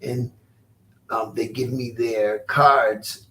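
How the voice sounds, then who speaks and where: A man in his sixties, a former boxer, telling stories as an interview guest in a halting, rueful way, often repeating his words. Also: medium pitch, steady tone, bright, forceful tone, distant mic. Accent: Rhode Island. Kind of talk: storytelling interview.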